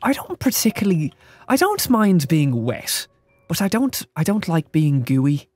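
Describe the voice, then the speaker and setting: A man in casual gaming chat, his voice sitting a touch high. He talks with lively, swinging pitch and breaks into goofy put-on voices. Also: measured pace, no echo. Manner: swearing, doing silly put-on voices. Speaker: co-host playing a game.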